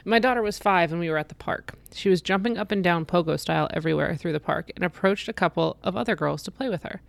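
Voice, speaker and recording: A woman's voice: on the low side, fast, vocal fry, no room sound. A woman in her thirties chatting casually and reading funny posts aloud, laughing often. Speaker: co-host.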